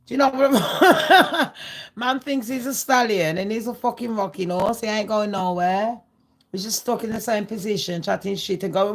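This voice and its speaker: A woman's voice: mid-range voice, moderate pace. Woman ranting on her gossip vlog, sweary and sarcastic, scornful. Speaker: gossip vlogger. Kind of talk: ranting casual monologue.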